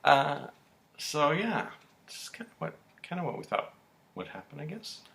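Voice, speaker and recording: A man co-hosting a podcast, casually recapping soap-opera episodes in an animated storytelling way and acting out the characters' lines. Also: on the high side, normal speed, creaky, background noise. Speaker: podcast co-host.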